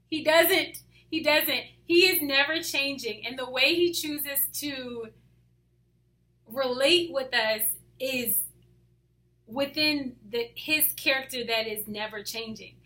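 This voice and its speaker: A woman talking casually about her faith, hyper and animated, often dropping to soft asides. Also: high-pitched, slow pace, long pauses. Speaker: faith vlogger. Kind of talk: casual devotional talk to camera.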